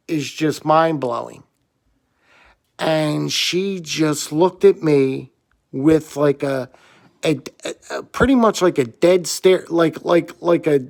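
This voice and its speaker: This is a man with a slightly hoarse, gravelly voice that sits a little high. He tells a rambling story with excitement and loops back over the same points. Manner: rambling, excitable, repeats himself. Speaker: gear reviewer. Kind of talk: casual storytelling vlog.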